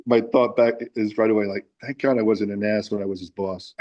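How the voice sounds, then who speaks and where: Male musician guest, lowish voice, rambling animated storyteller with many fillers. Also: a little fast, highs cut off. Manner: animated storyteller, acts out quotes with lots of fillers. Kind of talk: casual storytelling interview.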